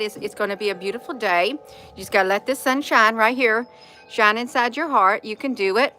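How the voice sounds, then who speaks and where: Folksy woman, livestream host, crisp bright voice, warmly coaxing chat. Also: a little high, normal speed, soft background music. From Indiana, USA. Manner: folksy, encouraging, addresses viewers as honey. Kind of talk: casual morning livestream chat.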